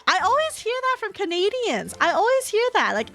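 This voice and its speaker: Young adult woman, high voice, casual streaming chat, laughs a lot, swears, faint background music. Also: wildly swooping pitch, fairly quick, sharp tone. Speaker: VTuber streamer. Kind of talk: casual chat with viewers while reading chat.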